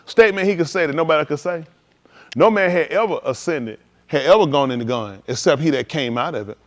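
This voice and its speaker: A man's voice: a little high, fast talker. A man preaching at a livestreamed scripture teaching, emphatic and slangy, firing rhetorical questions at his listeners. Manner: slangy street talk.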